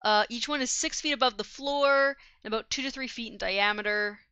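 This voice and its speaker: A woman's voice: on the high side, a little fast, bright, forceful tone, clean tone, dry recording, lo-fi sound. A woman narrating as dungeon master, describing scenes with many fillers and hums as she checks her notes. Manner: hesitant, filler-heavy description, hums while looking up notes. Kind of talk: narrating a tabletop game.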